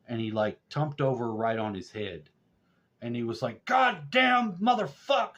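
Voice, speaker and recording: A middle-aged man telling loose, rambling stories and swearing constantly, getting loud and high when worked up. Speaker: vlogger. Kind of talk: rambling profane storytelling. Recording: dull lo-fi sound.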